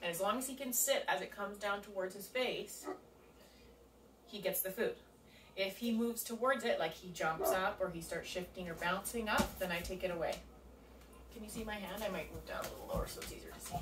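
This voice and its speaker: A woman's voice: medium pitch, a little fast, noisy background. Woman dog trainer explaining, distant and roomy. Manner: relaxed, explains step by step while working. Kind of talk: casual hands-on training demonstration. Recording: roomy, distant sound with faint ambience.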